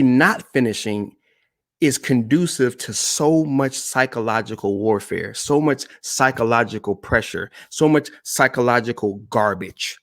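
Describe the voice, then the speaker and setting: Man, motivational live-stream talk, emphatic, repeats phrases, medium pitch. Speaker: motivational speaker. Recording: weekly live stream broadcast.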